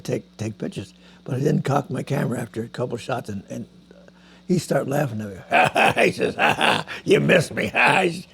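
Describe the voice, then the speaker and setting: A man's voice: mid-range voice, gravelly, slightly rough. A man, telling rambling stories as a veteran musician, stumbling over repeated words and coughing now and then. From Canada. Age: 90s. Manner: halting, repeats words, acts out quoted voices. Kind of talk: rambling anecdotal storytelling.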